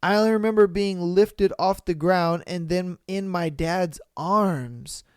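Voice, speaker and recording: A young adult man hosting a podcast, reading stories aloud and reacting with animated, profane exclamations on a close mic. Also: sits high, a little slow, clean tone, no room sound. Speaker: podcast host.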